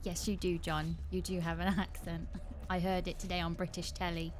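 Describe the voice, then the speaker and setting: A woman's voice: fairly low pitch, level tone, normal speed. A woman co-hosting a live stream, chatting casually and giggling with the host.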